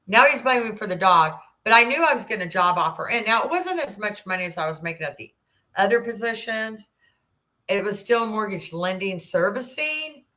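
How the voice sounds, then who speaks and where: Woman, 60s, podcast guest, bright tense voice, animated storytelling. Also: mid-range voice, a little fast. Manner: animated, acts out quoted dialogue, rambling restarts. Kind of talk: personal storytelling in an interview.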